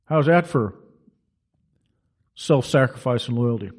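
A man's voice: a little high, animated, moderate pace, darkish tone. A man preaching a sermon in an emphatic, colloquial storytelling manner.

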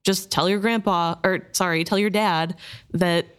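Woman, lowish voice, chatty, casual book chat, says "like" a lot. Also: steady tone, unhurried, clean tone. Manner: chatty, frequent "like", laughs easily. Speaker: book discussion co-host.

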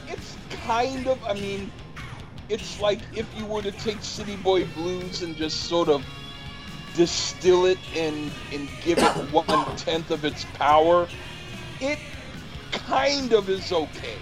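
A man co-hosting a casual chat, rambling and halting, repeating words as he searches for what to say. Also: high-pitched, over music. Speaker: podcast co-host.

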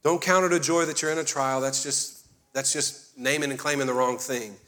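A man preaching a fervent sermon, swinging between quiet, intimate stretches and loud, rising calls to the congregation. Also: medium pitch, fairly even intonation, moderate pace. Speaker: pastor.

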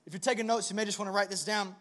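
A man's voice: high-pitched, steady tone, racing, a bit bright. A young male pastor speaking in a slightly raised register, preaching in a loose, conversational way. He mixes self-deprecating humor into a personal story, then settles into earnest reassurance for the congregation. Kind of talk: conversational sermon.

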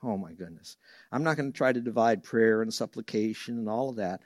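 A man preaching a sermon as a Bible teacher, telling homely stories and leaping up in pitch and volume for the voices he quotes, then dropping soft for the verses. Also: fairly quick, no room sound, studio quality. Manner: lively storyteller who jumps high and loud for quoted voices; drops soft and low for reverent verses.

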